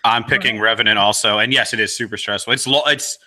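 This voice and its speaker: A man co-hosting a casual podcast, talking haltingly and often restarting his sentences. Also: lowish voice, steady tone, sharp tone. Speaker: podcast co-host.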